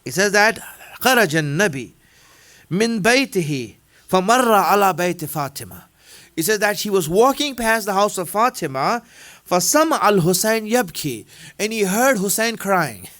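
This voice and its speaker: A man's voice: high-pitched, very animated, a little fast, fairly bright tone. A man giving a sermon, telling a story in a conversational way. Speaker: religious speaker.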